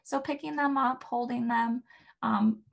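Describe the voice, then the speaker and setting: Woman, early childhood educator, gravelly voice pitched a bit high, gentle instructional delivery. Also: steady tone, measured pace. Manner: gentle, models soothing words to a baby in a soft higher voice. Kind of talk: instructional talk to parents.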